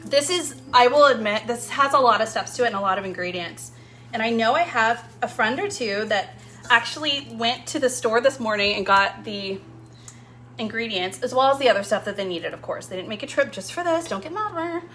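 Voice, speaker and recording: A woman's voice: on the high side, animated, a little fast, a bit bright. A young woman hosting a casual cooking demo in her home kitchen, chatting loosely with lots of fillers as she works. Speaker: home cooking show host.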